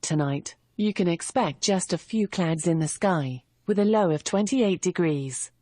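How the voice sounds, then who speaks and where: A woman's voice: lowish voice, a little slow, a little mellow, dry recording. A synthetic female voice assistant with a slight British accent, speaking evenly and politely from a device speaker. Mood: informative. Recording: device speaker with room chatter and noise.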